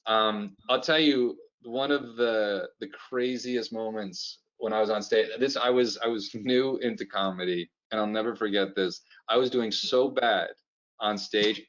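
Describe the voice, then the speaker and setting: A comedian from Canada, a man telling stories in an animated, joking way during a casual interview over a video call. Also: lowish voice, unhurried, highs cut off. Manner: animated, jokey storyteller.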